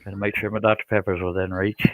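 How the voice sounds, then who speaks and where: A man's voice: fairly low pitch, little pitch movement, quick pace, a little hiss or hum. A man hosting a casual woodworking live stream, joking and bantering in a folksy way.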